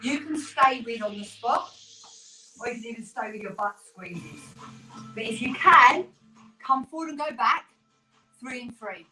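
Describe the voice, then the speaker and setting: A woman's voice: on the high side, lively intonation, a little slow, pauses often, bright, forceful tone. A woman coaching a home workout class, chatty and encouraging, slightly out of breath as she counts reps alongside her viewers. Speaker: fitness instructor. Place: small room in a terraced house. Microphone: no microphone, camera mic from across the room. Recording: roomy, distant, with workout music. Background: faint workout music.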